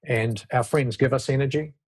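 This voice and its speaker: Husky guy in an interview, mid pitch, talks through leadership ideas in a loose rambling way, lots of restarts. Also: moderate pace. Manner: reflective, loose, self-interrupting explanations. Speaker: leadership expert guest. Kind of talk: conversational interview talk.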